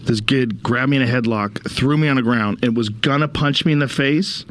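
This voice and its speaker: Easygoing middle-aged podcast host. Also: male voice, medium pitch, a little fast. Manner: easygoing, frank, reacts with short interjections. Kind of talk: casual conversation. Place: podcast studio.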